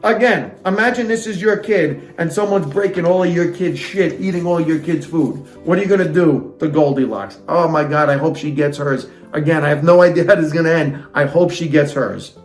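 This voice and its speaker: A man's voice: on the high side, brisk, few pauses, roomy sound, faint music behind. A man reading a fairytale aloud and breaking off into sarcastic, indignant comic rants. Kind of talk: comic storybook reading with ranting asides.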